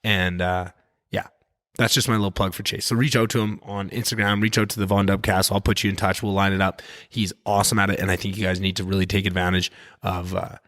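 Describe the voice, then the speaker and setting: A man hosting a podcast, talking in a loose, rambling, animated way and swearing freely. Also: low-pitched, fast talker, no room sound, studio quality. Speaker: podcast host. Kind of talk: casual podcast chat.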